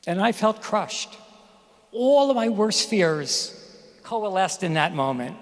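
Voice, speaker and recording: A middle-aged man addresses a graduating class, telling a personal story candidly and with emphasis. His voice sits a little high for a man. The sound carries a long reverb from the ceremony hall. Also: very animated, slow pace. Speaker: commencement speaker, physician. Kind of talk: graduation speech.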